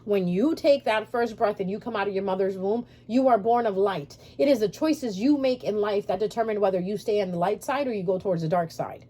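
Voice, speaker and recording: Speaking a little fast with hardly any pauses, a woman with a warm, mid-range voice shares spiritual advice in a vlog. She talks straight to her subscribers as a spiritual YouTuber, repeating herself for emphasis.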